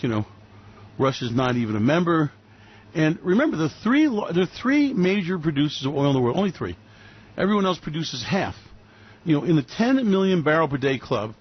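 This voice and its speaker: Husky-voiced man giving market commentary. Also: on the high side, muffled recording. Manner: animated storyteller acting out quoted voices.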